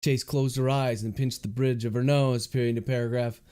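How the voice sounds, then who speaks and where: A man's voice: medium pitch, level tone, normal speed, dark tone, clean tone. An author reading his novel aloud on a livestream, speaking each comma and period as he dictates. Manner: reads out punctuation marks word by word.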